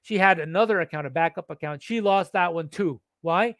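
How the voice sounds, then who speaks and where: A man's voice: sits high, fairly quick, a bit bright, dry recording, clean studio sound. A man giving an emphatic first-person account to his followers, repeating and restarting words as he asks and answers his own questions. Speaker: social media commentator.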